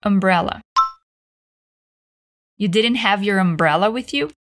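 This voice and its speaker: A woman leads an English lesson in a mid-range voice. She models each sentence slowly and with care, then prompts the listener to repeat it after her. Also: medium pitch, slight background noise. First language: Brazilian Portuguese. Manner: slow, carefully enunciated model sentences. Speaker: English teacher.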